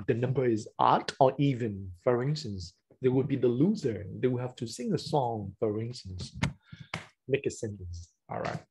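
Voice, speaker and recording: A man's voice: mid-range voice, a little mellow, slightly rough. A man whose first language is Vietnamese, running an online teacher-training session over a webcam and explaining classroom games step by step.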